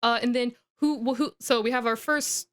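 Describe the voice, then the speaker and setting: A young woman on a podcast, casually retelling a book plot with laughs and quick character voices. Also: fairly high pitch, fairly even intonation. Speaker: podcast co-host.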